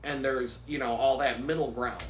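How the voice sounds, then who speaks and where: A man's voice: medium pitch, fairly even intonation, normal speed, slight background noise. A man in his forties ranting casually on his vlog, rambling and profane, telling stories with bursts of laughter. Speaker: vlogger. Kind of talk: casual rant. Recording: echoey room.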